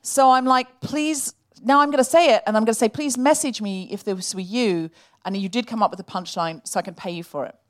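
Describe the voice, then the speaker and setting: A woman's voice: on the high side, a little fast. A woman co-hosting a live comedy podcast, riffing wryly in long elaborate sentences. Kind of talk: comedic chat before a live audience.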